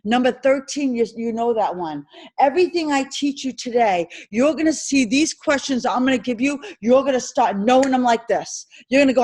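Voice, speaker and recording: A woman instructor lecturing a classroom on insurance licensing, animated and repetitive as she drills and quizzes her students. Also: high voice, normal speed, rough recording.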